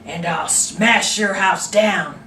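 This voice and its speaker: A woman voicing a big, menacing male shark in a storybook reading, with a deep, growly put-on voice. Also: takes it slowly, a bit bright, reverberant, distant mic, a little hiss or hum. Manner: growly, roaring threats.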